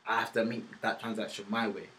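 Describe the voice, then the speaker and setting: A young man, a guest on a podcast. His voice sits slightly low, and he talks frankly in a laid-back way. His speech is full of slang and fillers, and a faint noise sits under it. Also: level tone, quick pace, bright, forceful tone, rough recording. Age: 20s. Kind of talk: casual interview chat.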